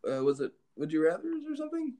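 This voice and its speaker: A man's voice: sits high, wildly swooping pitch, fast, warm tone. A man hosting a casual podcast, joking and rambling. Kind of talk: casual chat.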